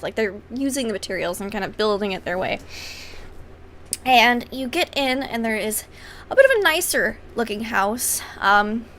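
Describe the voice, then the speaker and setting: A woman's voice: medium pitch, fairly bright tone. A woman running a tabletop game as game master, chatting casually with fillers and narrating scenes in an upbeat way. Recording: faint background noise.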